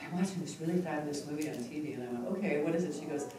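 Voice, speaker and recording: A woman's voice: deep voice, very fast. Woman presenter in an echoey hall. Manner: expressive and conversational. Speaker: hypnotherapy presenter. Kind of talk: live teaching demonstration. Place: large conference hall. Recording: echoey hall from far off with noise.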